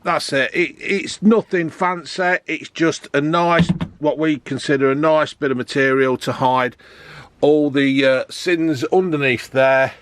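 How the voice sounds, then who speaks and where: A man's voice: a little high, fairly even intonation, unhurried, fairly bright tone, dry recording. A man chatting casually to camera about his camper van build, joking and filling gaps with ums and uhs. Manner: chatty, joking, lots of fillers.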